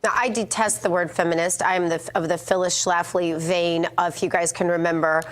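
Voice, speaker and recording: A woman co-hosting a morning political show, talking in an animated way with many fillers. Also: lowish voice, a little fast. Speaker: co-host. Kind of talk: opinionated morning-show talk.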